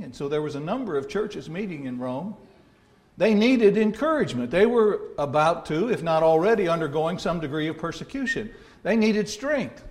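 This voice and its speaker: Southern preacher guy from alabama, kinda high voice, chatty folksy sermon. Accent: Southern American, Alabama. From North Alabama. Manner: folksy, conversational teaching with homey asides.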